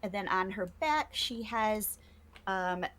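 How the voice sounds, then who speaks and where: A woman's voice: medium pitch, lively intonation, slow pace, a bit bright, slight background noise. A woman player describing her tabletop character in casual chat, hesitant and trailing off.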